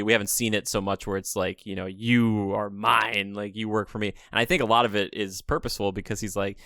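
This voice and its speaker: A man's voice: fairly low pitch, bright, forceful tone, dry recording, clean studio sound. A man appearing as a podcast guest, chatting casually and musing at length with lots of fillers. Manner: thoughtful, rambling fan analysis with frequent fillers. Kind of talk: casual chat.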